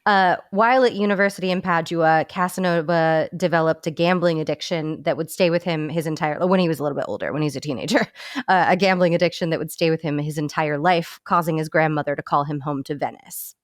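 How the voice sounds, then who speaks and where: A woman's voice: sits low, fast, no room sound, clean studio sound. A woman co-hosting a comedy podcast, reading a story from notes with small stumbles and giggles. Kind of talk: casual comedy podcast narration.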